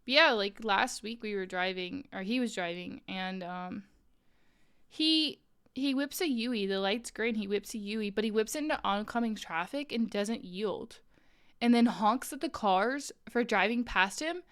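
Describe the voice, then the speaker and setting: A woman's voice: mid-range voice, measured pace, fairly bright tone, clean tone. A woman streamer chatting casually with viewers while crocheting, talking in an incredulous way, laughing often and filling her talk with "like".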